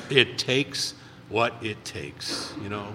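Bright-voiced man in a reverberant room. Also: medium pitch, a little hiss or hum. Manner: rambling, repeats words, acts out quotes. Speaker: recovery meeting speaker. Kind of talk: casual storytelling talk.

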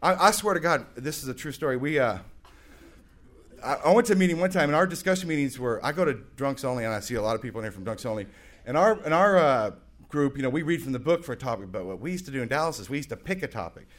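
A man in his forties telling his recovery story to a meeting with self-mocking humor, rambling along and bursting into loud, excited quotes. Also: medium pitch, quick pace. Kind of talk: personal testimony with humor.

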